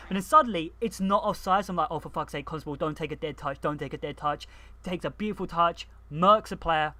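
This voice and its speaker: A young man recapping a football video game match, excitable and swearing freely. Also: on the high side, a little hiss or hum. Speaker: gaming YouTuber. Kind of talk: game commentary voice-over.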